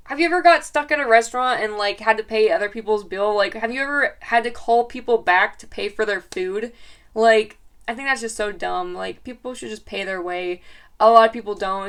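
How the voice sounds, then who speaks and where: A woman's voice: fairly high pitch, a bit bright, clean tone. A young woman vlogger telling a story in casual chat, exasperated and chatty, acting out what she and others said.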